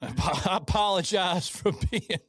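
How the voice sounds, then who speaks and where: Animated, profane podcast co-host man. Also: high voice, unhurried, breathy edge, no echo, clean studio sound. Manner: profane, stammering restarts, frequent laughs. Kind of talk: casual political banter. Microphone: studio mic.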